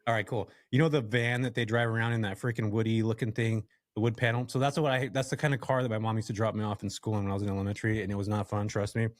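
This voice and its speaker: Low-voiced man telling a story. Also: fast talker, hardly any pauses, dry recording, studio quality. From California. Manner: animated storyteller, talks straight to listeners. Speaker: podcast guest, real estate investor. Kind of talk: casual storytelling interview.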